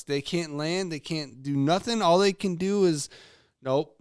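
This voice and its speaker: Brief: higher-voiced male co-host, dry close mic, excitable crude ranting. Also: a little slow, clean tone, no room sound. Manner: excitable, profane, voice jumping up when ranting. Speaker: podcast co-host. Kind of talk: crude comedic improv rant.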